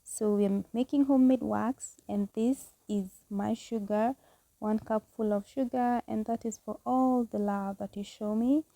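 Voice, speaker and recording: A woman's voice: on the high side, steady tone, a little slow, vocal fry, warm tone, no echo. A woman vlogging a casual home tutorial, chatty and candid, laughing at herself as she goes. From Kenya.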